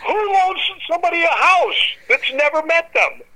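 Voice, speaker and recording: A man guesting on a podcast, telling animated anecdotes and acting out the people he quotes. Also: very high voice, moderate pace, poor audio. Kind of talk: casual storytelling.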